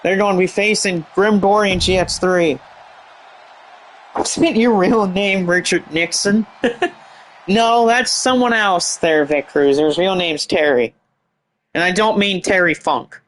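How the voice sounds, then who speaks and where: A man giving excited, rambling play-by-play commentary over a wrestling game, with chatty asides. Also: sits high, a little slow, a little hiss or hum, rough recording.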